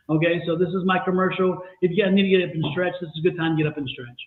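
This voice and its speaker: Man, high voice, tarot reader on a live stream, emphatic and repetitive, echoey tinny phone-like sound. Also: fast talker. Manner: emphatic, repeats phrases for stress.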